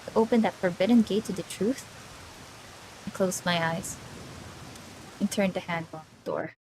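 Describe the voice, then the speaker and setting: A woman's voice: lowish voice, normal speed, background noise. A woman streamer reading a visual novel aloud on a livestream, breaking off into nervous, easily spooked chatter with her chat.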